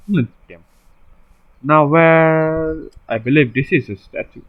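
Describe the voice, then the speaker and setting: A man's voice: a little high, takes it slowly, dry recording. A man narrating a gameplay video, reading the game's dialogue aloud and muttering dry asides between lines. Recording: dull lo-fi recording.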